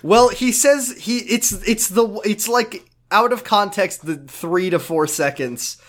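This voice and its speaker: Joking young man recapping a show. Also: high-pitched. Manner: joking, mocking, quick asides. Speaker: podcast co-host. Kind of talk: casual comedic recap chat.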